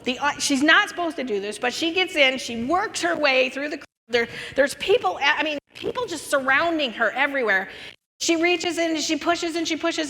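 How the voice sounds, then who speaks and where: An American woman giving a conference teaching in a church, telling Bible stories with lively acted-out voices and laughter. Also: high voice, long reverb tail. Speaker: conference speaker. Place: church auditorium.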